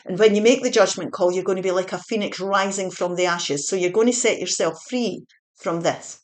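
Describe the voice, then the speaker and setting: A woman's voice: medium pitch, a little fast. Earnest woman giving a tarot reading. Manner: earnest, repetitive, encouraging, with fillers. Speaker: tarot reader.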